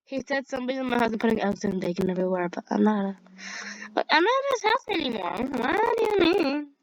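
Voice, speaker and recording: A woman's voice: fairly high pitch, sing-song, quick pace, rough recording. A young woman giving casual, rambling commentary while playing a game, giggling often and using lots of fillers. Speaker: gamer.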